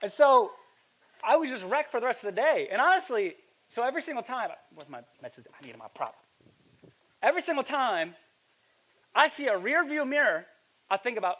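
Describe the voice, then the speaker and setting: A young man preaching a sermon, telling a story in a casual, animated way and building to loud, emphatic preaching. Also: extremely high pitch, fairly quick. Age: young adult. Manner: casual, with fillers and slang. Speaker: pastor.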